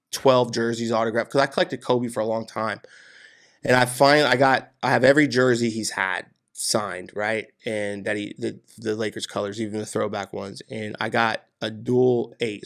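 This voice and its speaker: A man with a gravelly, creaky edge to his mid-pitched voice, telling personal stories as a podcast guest. He talks in a casual, animated way, dropping "dude" and "man" as he goes. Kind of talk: casual storytelling interview.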